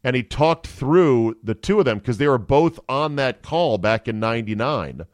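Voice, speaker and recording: A man's voice: mid-range voice, expressive, normal speed, dry recording. A man hosting a podcast, chatting casually about sports and teasing his guest, laughing easily. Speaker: podcast host.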